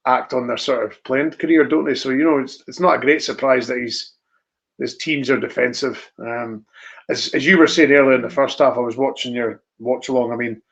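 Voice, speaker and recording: A man's voice: mid-range voice, steady tone, fairly quick, gravelly, fairly bright tone. A man co-hosting a casual football podcast, talking in a rambling, hesitant way with frequent laughs. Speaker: podcast co-host. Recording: dull lo-fi audio.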